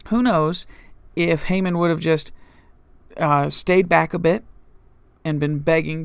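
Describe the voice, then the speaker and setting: A man's voice: a little high, steady tone, slow, creaky, long pauses, smooth, no room sound. A male pastor teaching a Bible study, retelling scripture in his own words, with frequent restarts and fillers.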